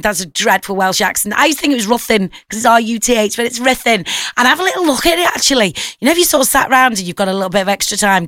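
A chatty woman hosting morning radio, enthusiastic and full of rambling asides. Her voice sits a little high, and the studio mic sounds close and dry. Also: fairly bright tone, no room sound. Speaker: radio presenter. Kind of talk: casual morning radio chat. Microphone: studio microphone.

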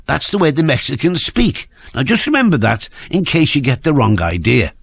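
A man announcing a comedy segment and reciting a rhyme in a drawn-out, sing-song manner. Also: a little high, huge pitch swings, vocal fry, slightly rough, no room sound.

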